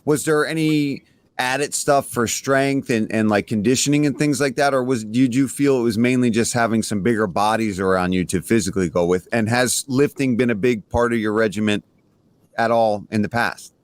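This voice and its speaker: A man's voice: medium pitch, fairly even intonation, normal speed, clear, resonant tone. A man co-hosting a casual podcast interview, eager and chatty, often saying dude. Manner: enthusiastic, says "dude" often. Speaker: podcast co-host.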